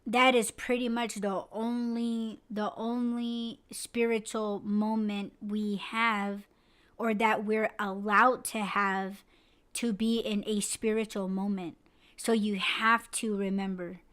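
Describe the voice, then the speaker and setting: A woman's voice: mid-range voice, flat delivery, slow pace, a bit bright, smooth. A woman podcast host in casual chat, rambling with lots of fillers and swearing freely. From United States.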